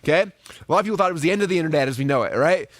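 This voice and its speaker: Fast-talking high-pitched man teaching. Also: dry recording, clean studio sound. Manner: acts out quoted voices in a high excited pitch. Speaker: online marketing teacher. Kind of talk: energetic teaching talk.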